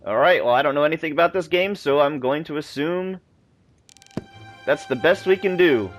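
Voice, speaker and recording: Young man, let's play host, chatty, reads game text aloud, slightly high voice, faint game music. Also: moderate pace, rough recording. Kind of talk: casual gameplay commentary.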